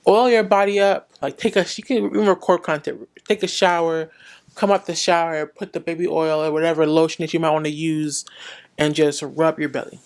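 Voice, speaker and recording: A young woman speaking frankly in a casual vlog, giving blunt advice and acting out little conversations. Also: low-pitched.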